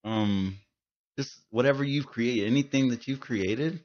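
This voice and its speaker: A man's voice: mid-range voice, measured pace, darkish tone, muffled recording. A man hosting a podcast in a studio, chatting casually and telling stories in a loose, profane way. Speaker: podcast host. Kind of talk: casual chat.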